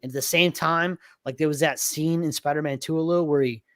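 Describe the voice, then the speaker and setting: A man co-hosting a casual livestream chat, excitable, swearing freely and laughing often. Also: a little high, a little fast, no echo, studio quality. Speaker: podcast co-host.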